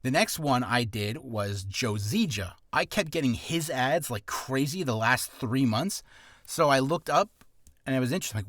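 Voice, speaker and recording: Animated rambling man, dry close sound. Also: mid-range voice, moderate pace, no echo. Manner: rambling, self-correcting, animated. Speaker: aspiring voice actor. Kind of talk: casual vlog tutorial.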